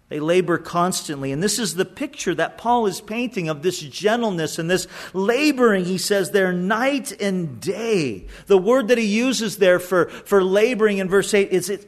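A middle-aged male pastor delivers a sermon in an easygoing, conversational way. His voice sits fairly high, and he stumbles and repeats words as he builds his points.

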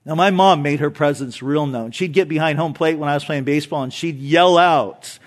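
Animated man preaching a sermon. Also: fairly high pitch, normal speed. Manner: animated, emphatic preaching with conversational asides; drops to soft, hushed tones for tender points. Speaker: pastor. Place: church sanctuary.

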